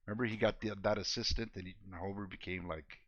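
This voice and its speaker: A man's voice: on the low side, steady tone, fast talker, fairly bright tone, muffled recording, slight background noise. A man streaming a video game, chatting casually with viewers in a laid-back, joking way and laughing often. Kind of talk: casual gameplay chat with viewers.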